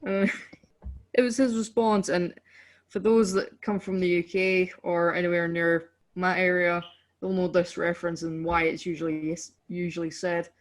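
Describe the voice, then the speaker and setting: A woman's voice: on the low side, little pitch movement, normal speed. A woman with a Scottish accent co-hosting a podcast, chatting casually with lots of fillers and self-deprecating laughs. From Scotland. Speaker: podcast co-host. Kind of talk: casual chat.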